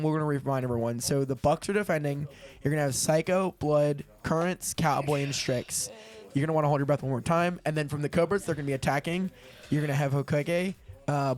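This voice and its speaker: A man casting an esports match in a chatty, rambling way, quick to laugh. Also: fairly high pitch, darkish tone. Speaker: esports caster. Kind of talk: casual play-by-play commentary.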